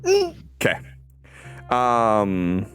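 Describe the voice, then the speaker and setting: A man narrates a tabletop role-playing game as its game master, and he pauses often on ums and uhs. He talks slowly in a low, smooth voice, with faint music behind him. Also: wildly swooping pitch. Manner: halting, full of ums and uhs.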